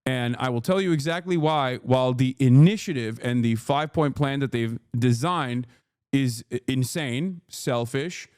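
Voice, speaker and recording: A man's voice: medium pitch, a little slow, a little mellow, smooth, no echo, studio quality. A man streaming political commentary, reacting to news clips in a profane, exasperated way and often mocking others in put-on voices.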